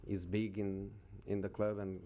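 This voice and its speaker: A man answering questions as a football manager at a press conference, speaking haltingly and repeating words with many pauses. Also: deep voice, little pitch movement, dark tone.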